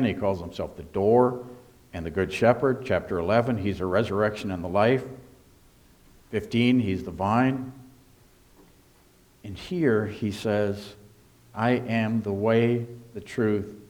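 Low-voiced man preaching a sermon. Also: measured pace. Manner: emphatic preaching, swings between hushed and raised. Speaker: pastor.

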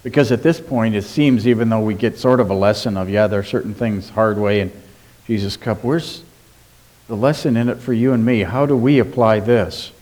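A man preaching a sermon as pastor, emphatic, asking rhetorical questions and slowing down on key words. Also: lowish voice, a little mellow.

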